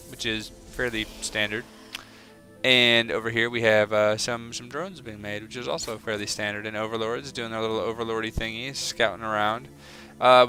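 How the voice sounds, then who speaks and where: A man's voice: fairly low pitch, vocal fry, bright, forceful tone, rough recording. A man giving casual, rambling play-by-play game commentary, joking and self-deprecating as he goes. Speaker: game caster.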